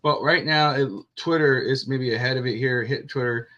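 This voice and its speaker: A man's voice: mid-range voice, normal speed, muffled recording. A middle-aged man co-hosting a casual sports talk show, telling stories and acting out what people said. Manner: animated storyteller, acts out quotes. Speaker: podcast co-host.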